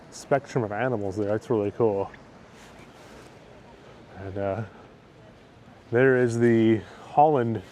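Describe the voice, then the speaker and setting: A man's voice: mid-range voice, dark tone, slight background noise. Upbeat man vlogging his travels outdoors. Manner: enthusiastic and upbeat, with frequent superlatives. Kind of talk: casual travel vlog narration. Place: outdoors in a port town.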